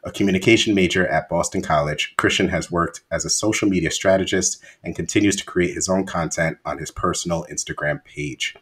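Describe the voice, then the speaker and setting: A man's voice: sits low, a little fast, few pauses, fairly bright tone. A young man hosting a podcast, chatting casually with many fillers and repeated words. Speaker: podcast host. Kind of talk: casual interview chat.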